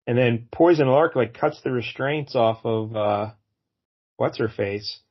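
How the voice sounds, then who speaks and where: A man co-hosting a casual podcast, recapping a comic's plot in a relaxed, wry way. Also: mid-range voice, a little slow, lo-fi sound. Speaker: podcast co-host. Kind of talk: casual comic review chat.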